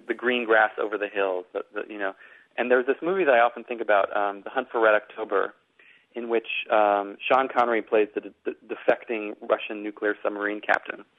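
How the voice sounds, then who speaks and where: Middle-aged man, from Boston, author being interviewed, rambling and hesitant, lowish voice, thin phone-line sound. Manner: rambling, with frequent repeated words. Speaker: author and guest. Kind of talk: conversational interview answers.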